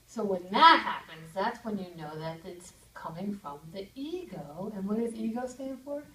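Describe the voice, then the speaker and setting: A woman giving a lively talk to a group and asking them questions as she goes. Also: medium pitch, normal speed, noisy background. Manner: lively, asks the audience questions. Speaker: speaker leading a group session. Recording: echoey room, mic far off.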